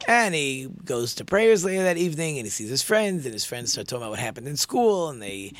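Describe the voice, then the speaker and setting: A man's voice: mid-range voice, big pitch swings, brisk, fairly bright tone, dry recording. A man telling a story in a conversational sermon, with many fillers and restarts.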